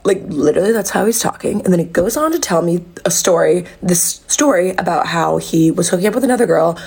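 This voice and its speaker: A woman's voice: on the low side, brisk, vocal fry, hardly any pauses, breathy edge. A young woman telling a dating story on a podcast, acting out the voices of the people in it and swearing freely. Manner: animated, acts out quotes, swears freely. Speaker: podcast host. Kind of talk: casual storytelling chat.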